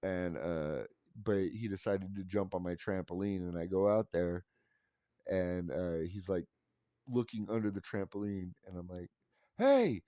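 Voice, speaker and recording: A man in his forties rambles through casual stories, swearing freely and mocking himself wryly. His voice sits fairly low, and the recording is close and dry. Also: steady tone, normal speed, mellow, clear, resonant tone, dry recording. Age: 40s. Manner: rambling, profane, wry self-mocking. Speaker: vlogger. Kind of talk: casual storytelling monologue.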